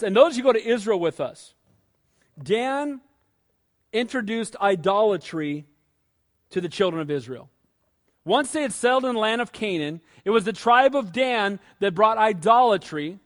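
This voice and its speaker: A male pastor preaching a sermon in a lively, conversational way, often putting questions to his listeners. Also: high-pitched.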